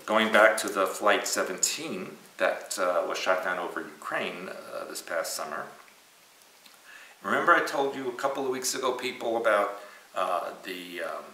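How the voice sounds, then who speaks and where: A man's voice: low voice, moderate pace, recorded from a distance, slight background noise. A man hosting a casual news commentary show, joking and teasing as he talks. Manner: joking, animated, teasing asides. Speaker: host. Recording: echoey room, off mic.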